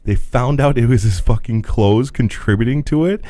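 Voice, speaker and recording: A man's voice: medium pitch, moderate pace, no echo. A man co-hosting a podcast, telling a long story in casual chat, with lots of swearing and laughing. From rural Midwest. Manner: profane, animated, laughing storyteller. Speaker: podcast co-host.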